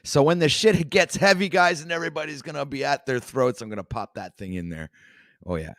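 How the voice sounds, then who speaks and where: A man's voice: a little high, brisk, heavy background noise. A man with a Canadian accent hosting a casual livestream talk show, rambling with many fillers and restarts.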